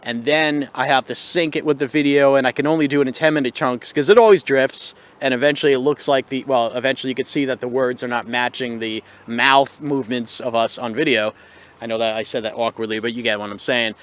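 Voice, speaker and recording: A man's voice: mid-range voice, fairly even intonation, brisk, a bit bright. A man hosting his own video channel, talking straight to viewers in an exasperated, sarcastic rant, recorded on a small camera microphone. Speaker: video host. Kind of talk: ranting vlog commentary. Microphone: built-in camera microphone.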